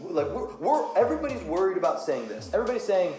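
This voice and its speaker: A man's voice: high-pitched, wildly swooping pitch, quick pace, hardly any pauses. Young male podcast co-host, casual debater who interjects and argues; echoey room, faint music. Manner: mostly brief murmured agreement, then pushes back with his own view.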